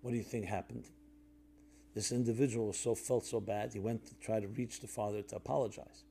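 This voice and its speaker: A man giving a reflective sermon-style talk, conversational with fillers and restarts, dropping to a soft low voice when telling stories. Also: fairly even intonation, fairly quick, gravelly, slight background noise.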